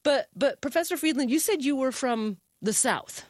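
A woman's voice: sits high, animated, moderate pace, darkish tone, dry recording, clean studio sound. A woman from Oregon hosting an interview, conversational and thoughtful. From Oregon, US West. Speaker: radio host.

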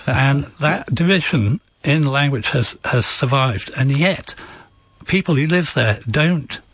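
A man, an author guest on a radio interview, explaining history in a measured, storytelling way. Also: medium pitch, lively intonation, a bit bright, dry recording. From England.

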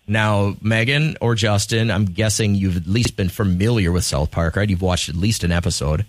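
A man's voice: on the low side, normal speed, hardly any pauses, dry recording. A man hosting a morning radio show, running a call-in trivia contest in an upbeat, jokey way.

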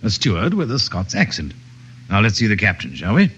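Shrewd inspector, crisp, commanding, animated delivery. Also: male voice, fairly low pitch, brisk, muffled recording, background noise. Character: brisk male police inspector, shrewd and commanding. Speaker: police inspector. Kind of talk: 1950s radio drama acting.

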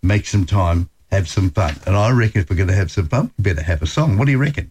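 Male radio host, Australian accent, fairly low voice, folksy and chatty. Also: animated, fast talker, hardly any pauses, darkish tone, husky. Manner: chatty, folksy, repeats words. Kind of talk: casual radio advice talk.

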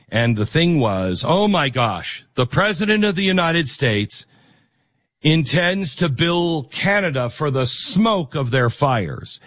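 A man with a mid-range, slightly bright voice hosts a radio talk show. He rambles casually, full of fillers, restarts and sarcastic asides, moving between a conversational monologue and a host-read ad.

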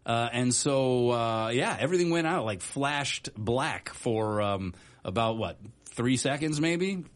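A man's voice: medium pitch, animated, slow. A man hosting a radio show from a studio, chatting casually and rambling with lots of hesitant fillers. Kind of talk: casual on-air chat.

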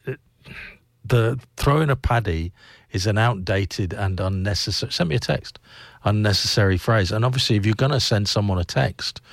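An English-accented man hosts a breakfast radio show in a loose, rambling way, often backing up and poking fun at himself. His voice sits on the low side. The studio sound is dry and close. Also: vocal fry, dry recording. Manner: rambling and self-deprecating, with many restarts. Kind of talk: casual morning radio chat.

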